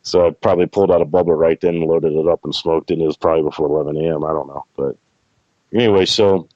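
A man's voice: very deep voice, steady tone, quick pace, no room sound. A middle-aged man telling a long story as an interview guest, rambling and correcting himself, with frequent laughs. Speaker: interview guest, plant breeder. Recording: dull, dry sound.

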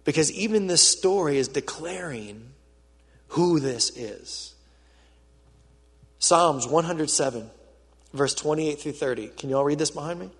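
A man preaching in a church auditorium, his voice sitting high and a little husky. He tells the story with drama, surging loud and then falling nearly silent. A long reverb trails every phrase. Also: expressive, a little slow, pauses often. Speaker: pastor. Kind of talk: sermon. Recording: reverberant hall.

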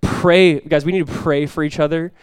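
A man preaching a sermon as pastor, telling stories with lively energy, then dropping quiet and slow to press a point. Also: fairly high pitch, smooth, no echo, clean studio sound. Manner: animated storytelling, drops quiet and slow for emphasis; conversational, many fillers like "like" and "you guys".

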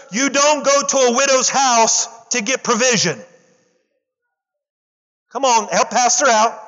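A male pastor preaching an animated sermon, acting out the story's characters in casual slang and calling on the congregation to respond. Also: very high voice, long reverb tail, dull audio. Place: church.

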